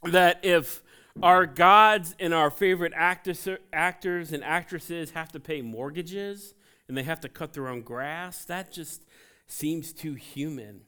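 A man in his forties from Ohio preaching a sermon in a church, conversational and joking, telling animated personal stories. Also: a little high, takes it slowly, clean tone. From Ohio, USA. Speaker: pastor. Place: church sanctuary.

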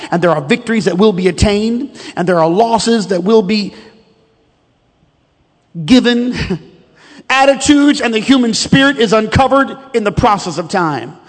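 High-voiced man preaching in echoing hall. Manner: rhythmic, emphatic preaching that rises to shouts. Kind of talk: sermon. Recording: long reverb of a large hall.

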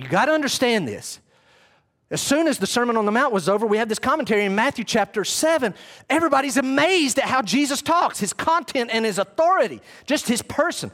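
A man preaching a sermon in an animated, conversational way, retelling scenes dramatically. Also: extremely high pitch.

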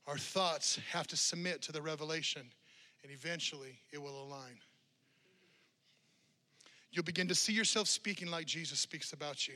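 A man preaching in a church, his voice pitched high and ringing very bright and forceful. He presses his listeners with one rhetorical question after another, building intensity as he goes. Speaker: pastor. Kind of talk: sermon.

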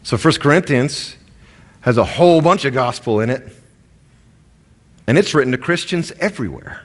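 A pastor with a Southern American accent preaches a sermon in a conversational style, weaving in asides and stories. His voice is medium-pitched and expressive, moving at a normal speed.

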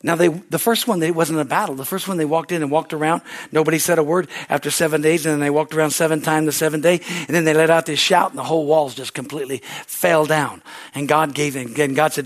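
Fervent male preacher, fairly high voice. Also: brisk. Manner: fervent, repetitive, call-and-response. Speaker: pastor. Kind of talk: sermon.

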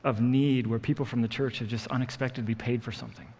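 A man preaching to his church, telling a personal story in an animated, self-mocking way and acting out what people said. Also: medium pitch, quick pace, slight background noise. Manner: animated storyteller, acts out quotes, laughs at himself. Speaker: pastor. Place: church hall. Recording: long reverb of a church hall.

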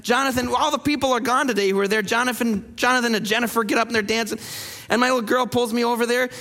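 A man who pastors a church, preaching a sermon and telling stories with lively acted-out quotes. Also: extremely high pitch, fast talker, in a large hall. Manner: animated storyteller acting out quoted people. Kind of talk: sermon storytelling.

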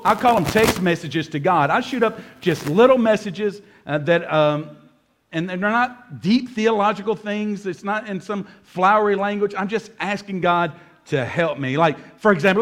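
A man preaching as a pastor, talking to his church in a conversational, humorous way and often checking in with "right?". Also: sits high. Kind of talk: sermon. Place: church service.

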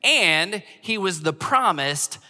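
A man's voice: high-pitched, lively intonation, takes it slowly, pushed and bright, in a large hall. A man preaching a sermon as pastor, earnestly repeating key phrases for emphasis.

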